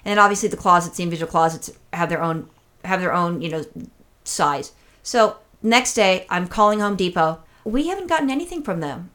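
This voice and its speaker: Rapid-fire woman co-host, profane and exasperated, tells rambling stories and quotes other people. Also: fairly low pitch, a bit bright. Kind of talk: casual storytelling chat.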